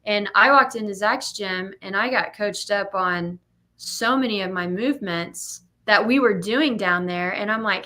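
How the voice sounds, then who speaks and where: Young woman gym owner chatting, bright voice, acts out quotes as she tells stories. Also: mid-range voice, normal speed. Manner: animated storyteller, acts out quotes. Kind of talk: casual podcast chat.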